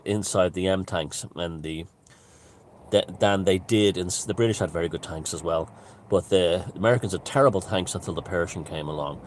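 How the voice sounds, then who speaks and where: A man's voice: low voice, a little hiss or hum. A man giving a casual, rambling monologue, emphatic and full of restarts and asides. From Ireland. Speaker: author and commentator.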